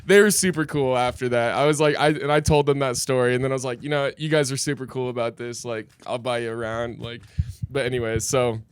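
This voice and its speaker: A man co-hosts a podcast from inside a bar, casually swapping bar stories, laughing often and acting out what customers said. His mid-range voice is fairly even and brisk, with a clean tone and dry recording.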